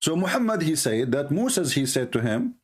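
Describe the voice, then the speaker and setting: A man's voice: a little high, sing-song, normal speed, husky. A man giving a sarcastic, mocking monologue as a religious debater, full of scornful rhetorical questions.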